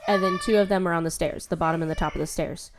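A woman's voice: on the low side, fairly even intonation, fast talker, noisy background. A young woman hosting a podcast from home in a chatty, casual way, with lots of fillers and frequent laughter. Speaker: podcast host.

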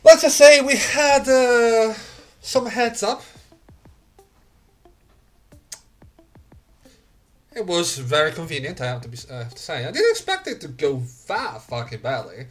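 A game master voicing a sly, menacing gang leader who taunts a captured spy and swings between loud jeers and low sneers. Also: huge pitch swings, normal speed. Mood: smug.

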